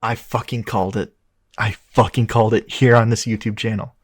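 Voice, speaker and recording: Excitable swearing man, dry close sound. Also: fairly low pitch, a little fast, dry recording. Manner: excitable, swears freely, laughs often. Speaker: podcast co-host. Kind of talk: casual film review chat.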